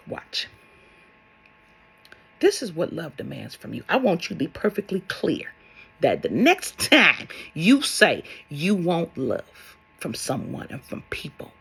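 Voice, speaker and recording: A woman's voice: lowish voice, a bit bright, slightly rough. A woman speaking as a spiritual love coach in a vlog monologue, blunt and sassy, swearing and firing rhetorical questions at her viewers.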